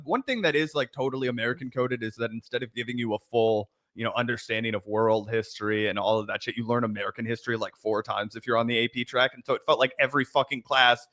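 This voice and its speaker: A man co-hosting a casual reaction podcast, sarcastic with deadpan jokes. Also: medium pitch, fast talker, few pauses. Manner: sarcastic, deadpan mock voices. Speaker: podcast co-host.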